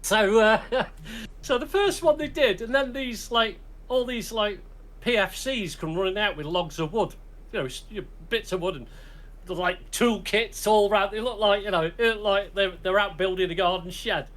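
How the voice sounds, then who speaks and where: A British man hosts a casual podcast chat, his voice sitting high for a man. He tells stories in a loose, rambling way, often laughing and circling back to restart a sentence. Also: normal speed, fairly bright tone. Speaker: podcast host.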